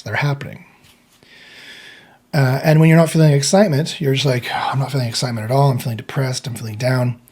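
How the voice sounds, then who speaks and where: A man explains meditation ideas in an unscripted, wandering way, restarting phrases and voicing imagined thoughts. His voice is warm and relaxed with a slightly husky grain. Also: medium pitch. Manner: rambling, restarts, acts out inner self-talk. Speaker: meditation teacher.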